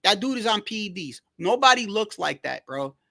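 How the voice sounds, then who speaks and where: A man hosting a casual livestream, rambling in a slangy, animated way and repeating himself as he tells stories. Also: sits high, moderate pace, gravelly, no room sound, clean studio sound. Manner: slangy, rambling, keeps saying "bro". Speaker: livestream host. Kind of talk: casual livestream boxing chat.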